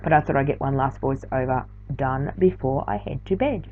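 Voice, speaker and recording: A woman with a very deep voice speaks at a moderate pace, with faint music playing behind her. She's a tired art journaling teacher rambling casually through a late-night craft tutorial voiceover and correcting herself along the way, recorded in slightly dull lo-fi sound.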